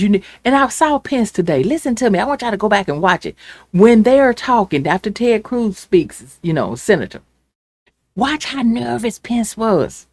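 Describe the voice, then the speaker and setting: A woman's voice: mid-range voice, no echo. Angry woman ranting on a livestream. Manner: angry, impassioned, swinging from shouting to hushed. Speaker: show host. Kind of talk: livestream political rant.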